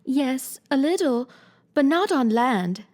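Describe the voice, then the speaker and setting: A woman's voice: sits high, lively intonation, slow pace, a little mellow. A woman reading aloud, voicing a polite, earnest little girl in a storybook. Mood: earnest, wondering.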